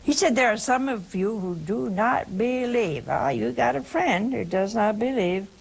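A woman's voice: fairly high pitch, unhurried, creaky, husky, rough recording. A woman hosting a call-in show who answers a caller with emphatic religious teaching, repeating key points and quoting scripture at length.

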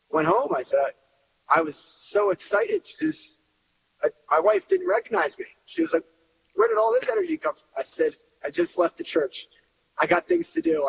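A man's voice: very high voice, gravelly. A man in his thirties, a coach, giving an earnest, emotional personal testimony. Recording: long reverb, faint hiss.

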